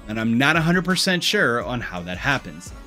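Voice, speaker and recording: A man's voice: medium pitch, big pitch swings, moderate pace, pushed and bright, faint music behind. Wry Missouri man doing film commentary. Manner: wry, sarcastic asides. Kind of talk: scripted video-essay commentary.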